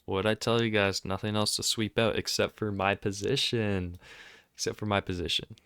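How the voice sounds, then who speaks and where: Smooth-voiced man, excitable, self-mocking. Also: lowish voice, moderate pace, no echo, studio quality. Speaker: trading video host. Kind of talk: casual screen-recorded commentary.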